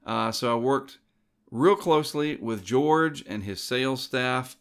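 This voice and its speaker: A man's voice: mid-range voice, animated, a little slow, clean tone. A middle-aged man who hosts a show, casually telling a personal story in a digressive way that keeps correcting itself. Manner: rambling and digressive, self-correcting.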